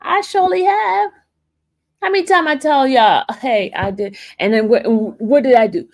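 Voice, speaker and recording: A woman hosts a casual livestream and talks straight to her viewers. Her voice sits fairly high, and she sounds animated and defensive, with frequent laughter. She calls her audience y'all throughout. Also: moderate pace. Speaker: livestream host.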